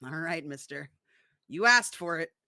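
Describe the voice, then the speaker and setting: A woman voicing a bratty young boy who fake-cries in a shrill, wailing voice. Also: lively intonation, a little slow, bright, forceful tone, dry recording, clean studio sound, exaggerated voice. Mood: sly.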